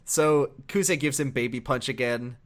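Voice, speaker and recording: A man's voice: mid-range voice, unhurried. A man co-hosting a casual podcast, recapping a game and acting out characters' lines in silly voices. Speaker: podcast co-host.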